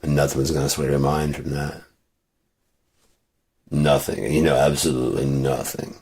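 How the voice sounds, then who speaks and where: Very deep, gravelly man venting. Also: level tone, normal speed, a little mellow. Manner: rambling, profane, restarts often. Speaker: vlogger. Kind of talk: casual venting monologue.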